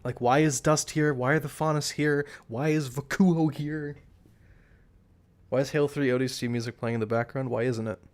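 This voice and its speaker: A man's voice: medium pitch, steady tone, normal speed. A man streaming live, chatting casually in a rambling way, restarting his sentences and laughing at himself.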